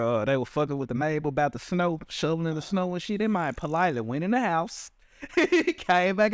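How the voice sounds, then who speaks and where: A man's voice: a little high, clear, resonant tone, no room sound, studio quality. A man, co-hosting a podcast in casual, profane chat and laughing between thoughts. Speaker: podcast co-host.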